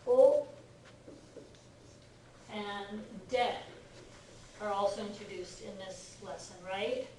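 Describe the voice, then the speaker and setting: Higher-voiced woman teacher in an echoey classroom. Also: a little mellow, distant mic, a little hiss or hum. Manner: patient, checks understanding with frequent "right?" and "okay?". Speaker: Japanese language teacher. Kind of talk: classroom grammar lesson.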